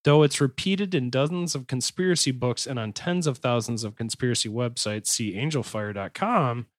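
A man hosting a podcast, talking at an ordinary pitch with an easy, rambling flow. He jokes loosely, then reads from his notes, tripping over words and starting again. The sound is close and dry. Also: normal speed, no room sound. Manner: rambling, joking, self-correcting restarts. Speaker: podcast host. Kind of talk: casual podcast chat and reading notes aloud.

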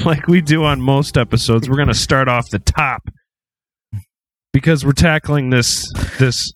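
A man's voice: medium pitch, a little slow, fairly bright tone, faint music behind. A man hosting a comedy podcast, joking casually with his co-hosts. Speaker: podcast host.

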